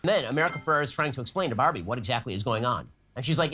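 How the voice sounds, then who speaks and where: A man's voice: mid-range voice, animated, rapid-fire, pushed and bright, husky. A man giving a mocking, sardonic film review in a played clip. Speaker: political commentator reviewing a film.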